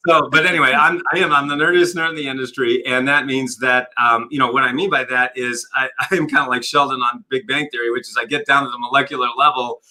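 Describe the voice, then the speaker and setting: Guest coach, male, very bright voice, storyteller who acts out both sides of a conversation, video call. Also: mid-range voice, quick pace, hardly any pauses, poor audio. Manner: energetic storyteller, acts out dialogue. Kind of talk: conversational interview.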